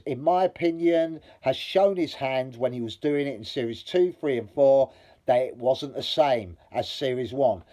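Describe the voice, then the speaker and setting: A man's voice: medium pitch, mellow. A man giving a blunt, rambling review monologue as a vlogger. He swears freely and grows heated as he goes.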